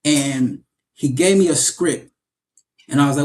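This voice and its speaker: Animated man telling stories. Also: fairly high pitch, normal speed, long pauses. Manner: animated, repeats words while storytelling. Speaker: actor, interview guest. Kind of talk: casual interview storytelling.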